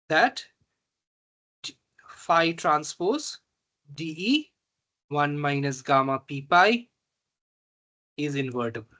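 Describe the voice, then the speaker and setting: A man teaching a reinforcement learning tutorial, slow and halting, often pausing to check that students follow. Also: sits high, bright, forceful tone. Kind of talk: online math tutorial.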